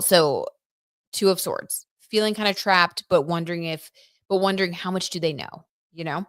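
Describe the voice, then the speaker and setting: A woman reading tarot cards on a live stream in a chatty, excitable way, full of "like"s and little gasps. Her voice sits a touch low. The sound is close and dry, with no room around it. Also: normal speed, dry recording. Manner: chatty and excitable, reads viewer comments aloud, gasps and many "like"s.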